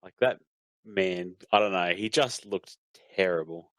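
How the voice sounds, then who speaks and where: A man's voice: deep voice, measured pace, a bit bright, no echo. A man hosting a casual film podcast, leading the topics and filling with "like". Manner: leads topics, leans on "like". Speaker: podcast host.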